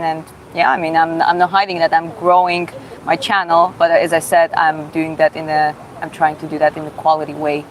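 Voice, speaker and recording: A woman from Georgia with a Georgian accent, reading chat questions aloud on a livestream and answering them in halting, self-taught English. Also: on the low side, a little hiss or hum, low-quality recording. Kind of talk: casual live Q&A chat.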